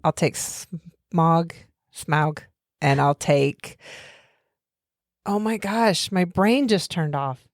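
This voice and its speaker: Giggly woman with a lowish voice. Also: dry recording, studio quality. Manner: giggly, scattered, quick tangents. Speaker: podcast co-host. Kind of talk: casual chat.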